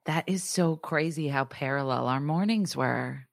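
A woman in her thirties talks candidly and casually as a podcast co-host, tossing in quick asides. Her voice is low and the recording is close and dry. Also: vocal fry, dry recording. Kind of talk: casual chat.

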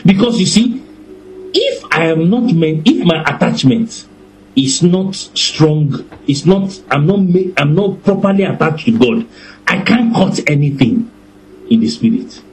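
A man preaching a sermon with a high voice that swoops widely up and down. He takes his time, stretching out his phrases and letting his points land slowly. His delivery is lively and warm, with laughter breaking through now and then. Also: low-quality recording. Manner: animated, deliberate, breaks into laughter.

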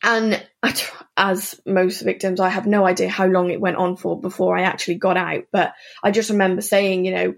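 A woman, an interview guest, telling a personal story in an earnest, halting way full of asides. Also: fairly low pitch, flat delivery, gravelly.

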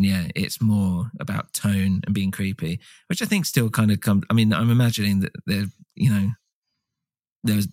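A low-voiced man chats loosely on a podcast, tossing in wry reactions and offhand opinions. His voice sits close and dry on the mic. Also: a little mellow, no room sound. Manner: laid-back, joking reactions. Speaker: podcast co-host. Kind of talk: casual film discussion.

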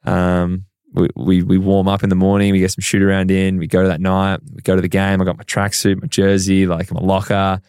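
A man's voice: sits low, brisk, hardly any pauses, clear, resonant tone, no echo, clean studio sound. An Australian man, a professional basketball player, telling his story as an interview guest and acting out the dialogue in it. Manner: animated storyteller who acts out quoted dialogue.

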